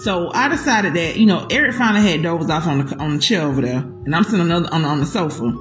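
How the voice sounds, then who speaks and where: Animated, profane woman telling a story. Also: fairly low pitch, fast talker. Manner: profane, animated, talks to viewers as "y'all". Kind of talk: casual storytime. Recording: echoey room with faint music.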